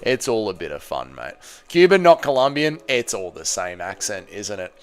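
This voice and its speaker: Smooth-voiced Australian man bantering on stream. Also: fairly low pitch, big pitch swings, normal speed. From Tasmania, Australia. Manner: bantering, swearing, reading chat aloud. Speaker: livestream host. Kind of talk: casual livestream chat reacting to fights and chat.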